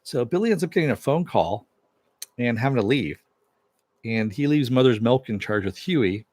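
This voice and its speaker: A man's voice: mid-range voice, animated, moderate pace, a little mellow, no echo. A man giving a casual recap of a TV episode, retelling it loosely with fillers and asides. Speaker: TV episode reviewer.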